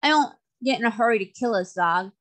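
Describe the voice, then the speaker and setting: A woman's voice: fairly high pitch, expressive, fairly quick, close to an everyday voice. A woman reading aloud, voicing a plain-spoken old sailor with folksy homespun talk. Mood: easygoing.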